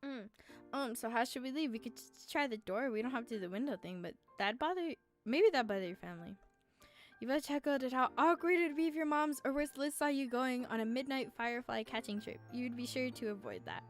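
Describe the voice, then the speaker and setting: Young female streamer, high voice, reads game text aloud, gets teary and swears casually. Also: animated, brisk, faint music behind. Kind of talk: reading a romance game aloud while playing.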